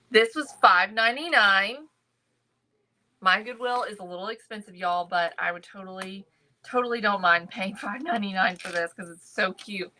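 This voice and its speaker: In a poor-quality recording, a livestream host with a mid-range, bright, forceful voice talks through her thrift haul at a moderate pace. She chats casually about her finds on her crafting stream and welcomes viewers by name.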